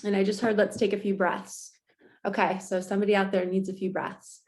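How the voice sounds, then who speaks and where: A woman's voice: mid-range voice, level tone, fairly quick, a little mellow. Chatty woman spiritual coach. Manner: chatty and earnest, laughs often, swears casually. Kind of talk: casual spiritual morning talk.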